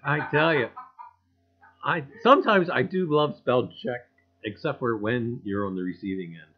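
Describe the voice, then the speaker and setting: The audio is dull, but the man's mid-range voice is expressive and moves at a normal pace. Hosting his easygoing livestream, he folksily reads viewer comments aloud, chuckles often, and repeats "I tell you."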